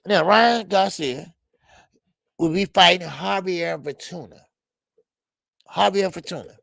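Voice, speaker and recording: A man's voice: high voice, slow pace, gravelly, fairly bright tone, no echo, clean studio sound. A man hosting a casual boxing livestream, chatting animatedly, laughing a lot and greeting his chat in profane slang. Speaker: boxing show host.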